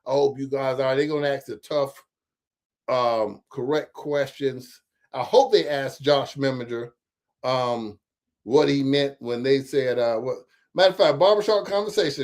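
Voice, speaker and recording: A man hosting casual political commentary, talking straight to his viewers in an animated, profane, chatty way. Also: mid-range voice. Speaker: host of a local commentary stream.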